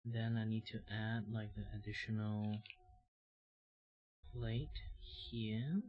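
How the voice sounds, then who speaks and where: A man's voice: lowish voice, little pitch movement, slow, dull audio. A man with a Malaysian accent, a VTuber chatting casually and loosely while he draws on stream, full of fillers and restarts. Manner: rambling, loose grammar, many fillers.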